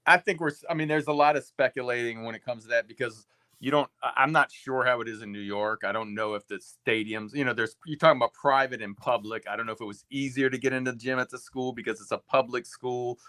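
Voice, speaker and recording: A man's voice: mid-range voice, fairly even intonation, fast talker, bright, forceful tone, no room sound. A man on a casual panel who argues his side while hedging with "I don't know.". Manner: hedging, argumentative.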